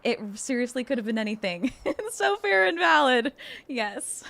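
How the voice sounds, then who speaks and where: Bubbly high-voiced woman streamer. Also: big pitch swings, moderate pace, creaky, a bit bright. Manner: bubbly, effusive, giggly. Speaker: livestreamer. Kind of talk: casual livestream chat with viewers.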